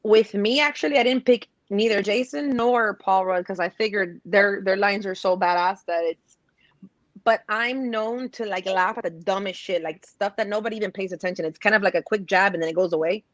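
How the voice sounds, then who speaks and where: A woman talking casually on a podcast, animated, acting out movie quotes in put-on voices. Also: medium pitch, brisk. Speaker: guest co-host.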